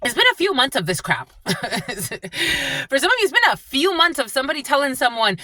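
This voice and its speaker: A woman doing a live spiritual channeling reading, at times gushing and laughing, at times dropping into low, prayerful thanks. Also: a little fast, slight background noise. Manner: animated, laughs often, shifts between gushing and low prayerful tones.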